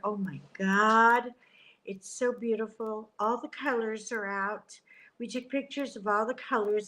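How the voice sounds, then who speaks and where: A middle-aged woman chatting casually on a livestream from a hotel room, animated, joking and gasping as she talks into a tablet. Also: on the high side, low-quality recording. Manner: chatty and animated, jokes and gasps. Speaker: livestream host. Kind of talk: casual live chat. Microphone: tablet camera.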